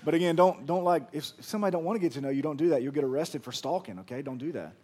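A man preaching a sermon as pastor, casual and conversational, swinging from loud emphasis to hushed, quiet lines. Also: a little high, lively intonation, racing, slight background noise.

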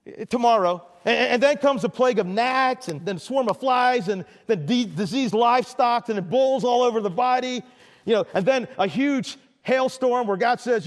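A man's voice: very high-pitched, normal speed, big-room sound. An older man preaching a storytelling sermon, often stammering and restarting. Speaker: pastor.

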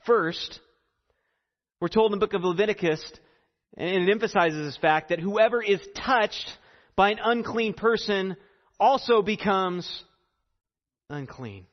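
A man preaching a sermon earnestly, repeating phrases and pausing for effect. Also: sits high, big-room sound, muffled recording. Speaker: pastor.

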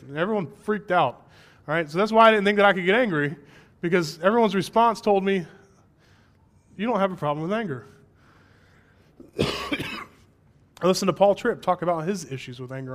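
A young man preaching from the pulpit with a notably high voice. He talks candidly and conversationally, then presses hard on his main points. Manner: candid, conversational, with rising emphatic passages. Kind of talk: sermon.

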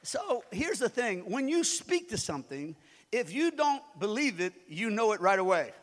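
A man's voice: high-pitched, very animated, normal speed. A male pastor preaching a conversational sermon with joking asides in a church. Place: church sanctuary. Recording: long reverb of a large hall.

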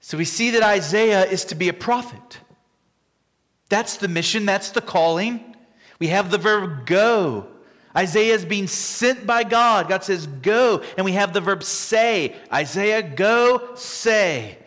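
High-voiced, slow, dramatic male preacher. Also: a bit bright. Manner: dramatic, acts out scripture quotes with sweeping shifts in volume. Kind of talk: expository sermon. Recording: long reverb from a large hall.

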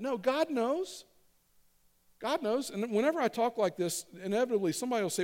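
A man's voice: very high voice, a little fast, a little mellow. A male pastor giving a conversational sermon and leading the congregation in call-and-response phrases. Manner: conversational, repeats lines for the congregation to echo.

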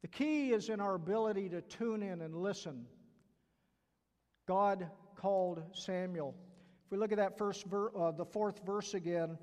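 Casting note: older Southern man, stutters, higher-pitched voice, earnest sermon in a long-reverb church hall. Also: measured pace, a little mellow. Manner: earnest, repeats key phrases, acts out quoted voices. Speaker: church staff preacher. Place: church sanctuary.

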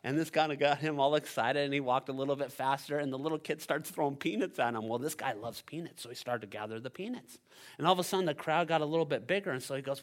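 A man preaching a sermon, telling a story and building to loud climaxes. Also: fairly high pitch, brisk. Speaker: pastor.

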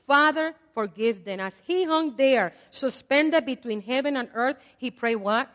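An older woman preaching a sermon in a conversational way. She swings between loud repeated prayers and soft asides. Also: a little high, moderate pace, few pauses. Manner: conversational, with fillers and laughs. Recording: long hall reverb.

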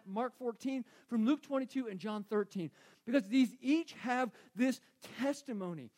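Pastor guy with a high voice preaching, acts out the bible characters, goes loud then real quiet. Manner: animated, acts out Bible figures, swings loud to hushed. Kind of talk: sermon.

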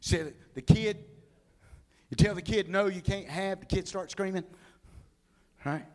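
A man preaching a humorous sermon, telling animated stories and acting out the people in them. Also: high-pitched, measured pace. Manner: animated storytelling, acts out people.

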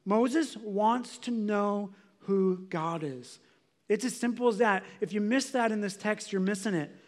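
A man's voice: high voice, a little slow. A man preaching a sermon, earnestly reading scripture and acting out quoted prayers with emphasis. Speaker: pastor.

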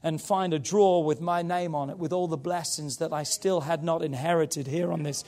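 A man's voice: fairly high pitch, fairly even intonation, moderate pace, darkish tone. A man preaching a sermon with passion, building to emphatic, raised peaks. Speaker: pastor.

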